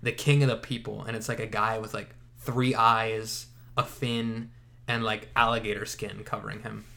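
A man's voice: fairly low pitch, flat delivery, normal speed, gravelly, pushed and bright. A man co-hosting a casual chat who rambles, jokes and corrects himself as he goes. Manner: rambling, jokey, self-correcting. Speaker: podcast co-host.

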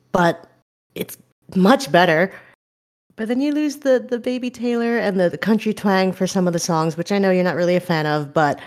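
A woman's voice: fairly low pitch, a little mellow. Joking, foul-mouthed woman podcast co-host. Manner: laughing, profane, quick banter. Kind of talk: casual chat.

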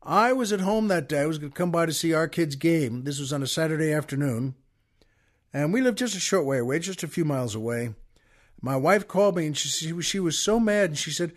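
A podcast host tells a long story in a folksy, chatty monologue, speaking directly to his listeners. His voice is a little high and expressive, and he talks fairly quickly.

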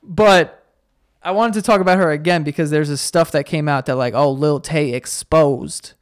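A man's voice: a little high, clean tone, no room sound, studio quality. Rambling young male podcast host. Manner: rambling, self-deprecating, voice cracking. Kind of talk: casual solo podcast chat with ad read.

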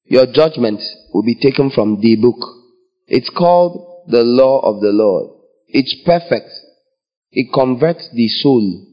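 A man's voice: medium pitch, animated, slow pace. A man preaching a sermon, acting out scenes with different voices. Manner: dramatic, acts out scenes with voices. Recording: dull lo-fi sound.

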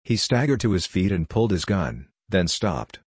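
A man narrating an audiobook story in a steady, even way. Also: sits low, moderate pace, breathy edge, dry recording.

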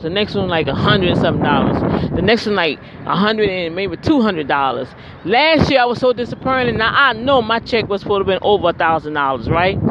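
A man working in retail, telling a story to his viewers in a chatty vlog, exclaiming often and calling out to his audience. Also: high voice. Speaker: retail store worker. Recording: muffled, loud wind noise.

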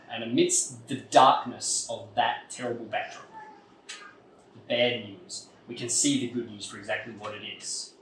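A man preaching a sermon earnestly, building emphasis and then dropping to a quiet tone. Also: mid-range voice, a little hiss or hum. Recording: echoey room, mic at a distance.

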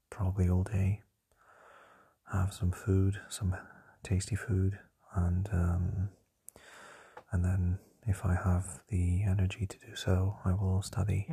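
A young man whispering softly into a close mic while lying down at night, a hesitant podcast diary full of fillers. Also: low-pitched, creaky, breathy edge. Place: lying down in a shared home at night.

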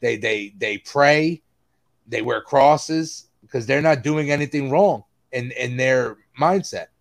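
A man co-hosting a casual podcast about a movie, low-key and dropping into low murmurs. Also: takes it slowly, creaky. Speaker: podcast co-host.

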